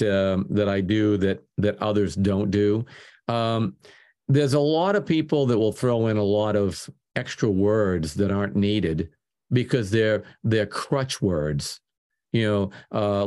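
A man's voice: fairly low pitch, darkish tone. A man being interviewed as a music producer, talking casually and repeating words as he works out each thought. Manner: rambling, repeats words often as he thinks.

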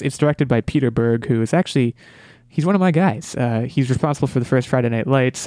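A man's voice: medium pitch, darkish tone, no echo. A man hosting a casual movie podcast, talking eagerly and often repeating words as he restarts. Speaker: podcast host.

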